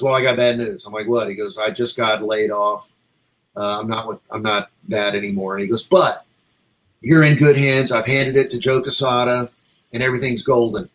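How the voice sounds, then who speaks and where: A man's voice: medium pitch, rough recording. A man telling a long, rambling story in a casual interview, acting out what other people said to him. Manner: rambling, animated, acts out quoted dialogue. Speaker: comic artist guest.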